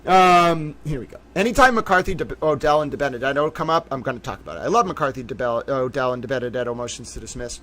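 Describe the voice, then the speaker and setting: Animated man on a casual livestream. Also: a little high. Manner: rambling and animated, swearing freely, sudden bursts of excitement. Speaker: livestream commentator covering court cases.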